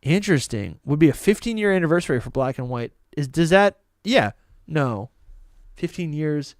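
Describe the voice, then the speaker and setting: Casting: excitable male podcast co-host, slightly high voice, dry close mic, casual. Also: moderate pace, no echo. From New England. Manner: excitable, reads super chats, laughs often. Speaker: podcast co-host reading donations. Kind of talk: casual live-stream chat.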